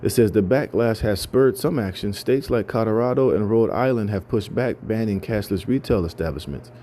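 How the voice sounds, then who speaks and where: A man's voice: on the low side, normal speed, dark tone, slight background noise. A man talking through news items in an emphatic way, stammering and restarting and filling with "you know" and "man". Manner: emphatic, repetitive, many fillers and stammered restarts. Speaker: commentator. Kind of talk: casual talk reading news.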